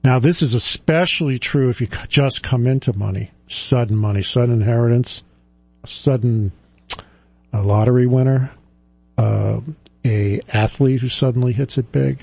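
A middle-aged financial advisor tells stories in a relaxed, chatty way, chuckling and restarting his sentences. His voice is gravelly and husky, with a mellow, dark tone. The recording is dry and close. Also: medium pitch, normal speed, no echo. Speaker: financial advisor and firm president. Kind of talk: casual storytelling monologue.

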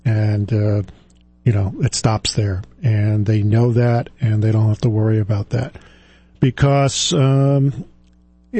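A man in his sixties, a financial advisor, talking reflectively in a halting way, with many fillers and restarts. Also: mid-range voice, mellow, dry recording. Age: 60s. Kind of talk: reflective personal talk.

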